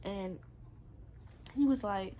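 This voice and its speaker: A woman's voice: mid-range voice, slow pace, mellow, slight background noise. A young adult woman telling her own story in a personal vlog, candid and earnest, with casual slang. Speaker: vlogger.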